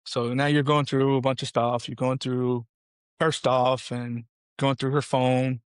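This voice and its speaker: A man speaking as a podcast guest, telling his personal story in an earnest, halting way with restarts. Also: mid-range voice, little pitch movement, clean tone, no echo.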